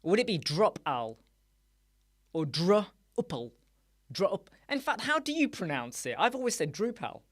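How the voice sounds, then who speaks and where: A man's voice: high voice, wildly swooping pitch, normal speed, a bit bright. A man hosting a casual live-stream chat show, joking around, playing with words and laughing often as he answers viewers. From United Kingdom. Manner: jokey, playful, riffs on words and laughs often. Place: small dark room with soundproof panels.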